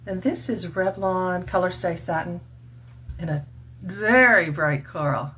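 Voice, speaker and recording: An earnest, chatty woman in her sixties speaks straight into a camera mic at home. Her voice sits a little low, and she laughs easily as she talks. A faint hum runs under the recording. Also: a little slow, a bit bright. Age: 60s. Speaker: vlogger. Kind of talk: casual makeup chat and testimony.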